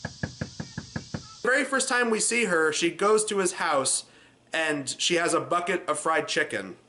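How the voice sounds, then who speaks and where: A man reviewing a low-budget movie in a casual, sarcastic, rambling way. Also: big pitch swings, unhurried, pushed and bright, a little hiss or hum.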